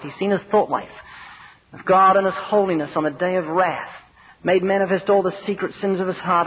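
A man's voice: high-pitched, slightly rough. A man preaching an evangelistic sermon, earnest and emphatic, acting out little scenes with quoted voices. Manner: earnest, emphatic, acts out anecdotes. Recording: dull lo-fi recording with faint noise.

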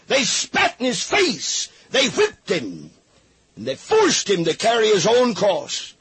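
A man preaching a fiery radio sermon, pleading and rising to shouts. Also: high-pitched, breathy edge, dry recording.

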